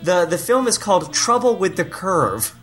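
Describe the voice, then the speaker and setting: A man's voice: sits high, big pitch swings, normal speed, fairly bright tone, soft background music. A man hosting a casual comedic movie quiz, teasing and laughing often. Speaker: podcast host running a movie quiz.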